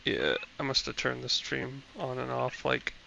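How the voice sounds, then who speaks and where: A man's voice: medium pitch, little pitch movement, unhurried, creaky, bright, forceful tone. A man casually talking to himself while he streams a game, muttering offhand remarks as he plays, recorded on a headset mic. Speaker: gamer streaming a playthrough. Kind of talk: casual gameplay commentary. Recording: dull lo-fi headset audio with faint hiss.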